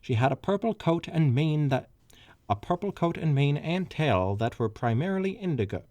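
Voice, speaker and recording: A man's voice: a little high, animated, normal speed, dark tone, dry recording. A man co-hosting a comedy podcast, reading fanfiction aloud and stopping to add asides. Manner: reads with asides and stumbles.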